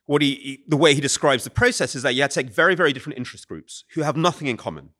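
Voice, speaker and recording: A British man talking quickly and animatedly as an author being interviewed before a live audience. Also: fairly high pitch. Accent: British English. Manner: fast, animated explaining. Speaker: author and guest. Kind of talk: conversational podcast interview.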